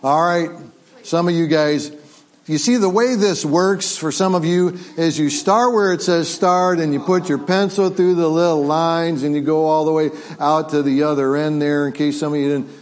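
A pastor in a church sanctuary leads a family Sunday service, coaching children and parents through call-and-response. His voice sits fairly high for a man, and his delivery is lively and interactive. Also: moderate pace. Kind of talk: family sermon.

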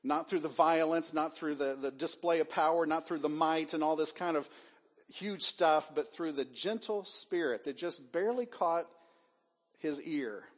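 A man's voice: a little high, moderate pace. A man preaching a sermon as pastor, acting out the figures' lines with dramatic swings. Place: church sanctuary.

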